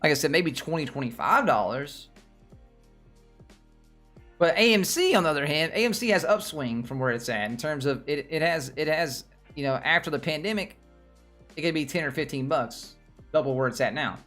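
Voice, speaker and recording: Southern guy rambling on his stream, kinda high voice, talks to chat a lot. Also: lively intonation, normal speed, bright, forceful tone, faint music behind. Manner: rambling, repeats himself, chats with viewers. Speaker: livestream host. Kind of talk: casual livestream chat about stocks.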